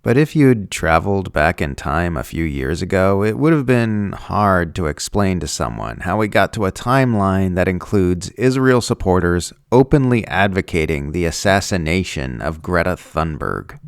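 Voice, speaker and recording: A man's voice: sits low, animated, normal speed, few pauses, clean tone, no room sound, clean studio sound. A man reading scripted political commentary in a sardonic tone, mocking the people he quotes.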